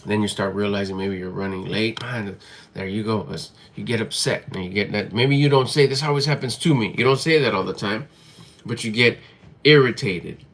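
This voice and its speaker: A man's voice: lowish voice, normal speed, fairly bright tone. A man giving a motivational talk to camera in a blunt, emphatic way, swearing freely and hammering his points through repetition. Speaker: motivational vlogger.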